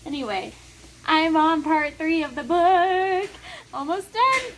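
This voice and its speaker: A woman talking casually in a reading vlog, gushing and excitable, often squealing and laughing as she reacts to a book. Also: sits high, takes it slowly, slight background noise. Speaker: book vlogger.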